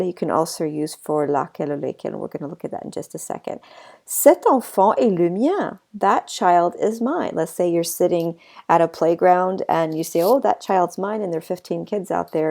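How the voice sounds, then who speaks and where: A woman teaching a language lesson, her voice low and gravelly with vocal fry. She explains at an easy pace, with fillers and chatty asides, and has a slight cough. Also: dark tone. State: a bit of a cough. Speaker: French teacher.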